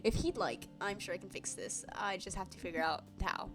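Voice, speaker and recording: A woman voicing a formal, apologetic older male scientist who speaks in a measured, precise way. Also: medium pitch, music in the background, natural voice. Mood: sheepish.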